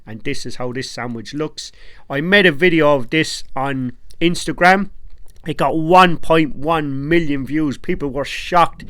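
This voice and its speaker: A man's voice: a little high, a little slow, fairly bright tone, dry recording. An Irish man in his thirties, chatting casually and jokily with slang as he makes food for a home cooking vlog. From Ireland. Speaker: home cook and vlogger.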